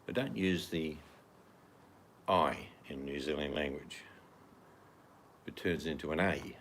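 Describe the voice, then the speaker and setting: Aussie bloke, super low voice, jokey and teasing, bit of background hiss. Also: male voice, slow pace, a bit bright. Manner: playful, teasing, slips into theatrical recitals. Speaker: livestream co-host. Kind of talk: casual chat.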